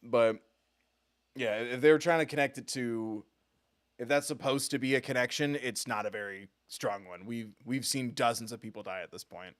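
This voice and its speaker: A man's voice: mid-range voice, moderate pace, dry recording, clean studio sound. A man streaming a video game live, commenting with profane, sarcastic banter. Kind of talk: live let's-play commentary.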